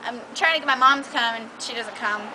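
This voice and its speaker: A woman's voice: on the high side, fast talker, noisy background. A young woman telling a casual story in a bossy, chatty way, full of "like", recorded outdoors. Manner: chatty, bossy toward friend, lots of "like". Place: outdoors by a trash can.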